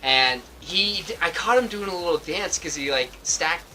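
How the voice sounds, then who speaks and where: A man chatting casually with friends, telling a rambling work story with frequent laughs. His pitch jumps around a lot as he talks. Music plays clearly in the background. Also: expressive, moderate pace, pushed and bright, low-quality recording. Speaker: podcast co-host. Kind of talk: casual group chat.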